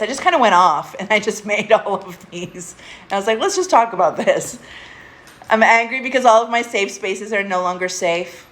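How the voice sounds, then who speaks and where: A woman, adult and getting older, chats on a casual home live stream with her pet nearby, cursing freely and laughing between her candid thoughts. Her voice is mid-range and a bit bright.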